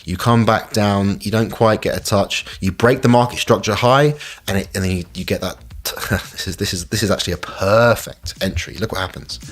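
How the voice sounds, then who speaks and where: An excitable man hosting a live stream and walking through trading charts. He keeps repeating "look" and laughs often. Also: on the low side, normal speed. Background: faint backing music.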